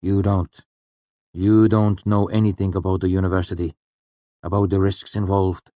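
A man voicing a stern university master who speaks calmly and curtly, at times dismissive. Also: deep voice, normal speed, no echo, close to an everyday voice. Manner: calm, curt, dismissive.

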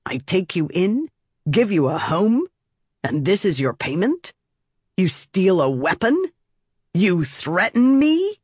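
Narrator as a stern, sharp-tongued woman innkeeper in an audiobook, dry close sound. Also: medium pitch, animated, normal speed, breathy edge, no room sound. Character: stern woman innkeeper guarding her home.

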